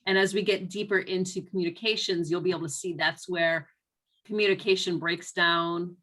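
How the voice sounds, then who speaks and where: A woman's voice: fairly low pitch, fairly even intonation, normal speed, a bit bright. Woman teaching a class over video call. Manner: reflective, repeats key phrases. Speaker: instructor. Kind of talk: online class lecture.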